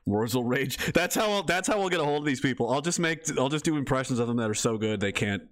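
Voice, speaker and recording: A man's voice: mid-range voice, animated, fast. Rambling, profane man streamer. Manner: rambling, profane, laughing, reads chat aloud. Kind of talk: casual live-stream chat.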